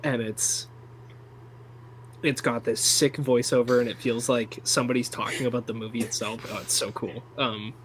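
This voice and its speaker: A young podcast co-host talks in an even mid-range voice at a moderate pace during a casual film chat, rambling enthusiastically and swearing freely. The recording is rough, with a faint hum underneath.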